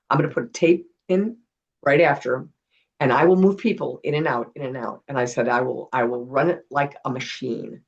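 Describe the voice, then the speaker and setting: Woman, middle-aged, gravelly, husky, animated storyteller, interview guest. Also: sits low, dull audio. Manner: animated storyteller acting out quotes. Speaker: guest, retired television producer.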